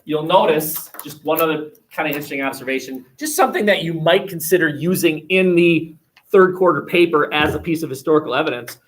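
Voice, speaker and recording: A man's voice: fairly high pitch, fairly quick, a bit bright. A male history teacher lecturing a class in a conversational, rambling and wry way, recorded by webcam in a classroom.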